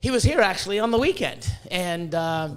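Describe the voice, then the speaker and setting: A man's voice: high-pitched, lively intonation, moderate pace, smooth. A man hosting a podcast in casual chat, swearing a lot and stumbling over repeated words as he makes emphatic points. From Canada. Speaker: podcast host.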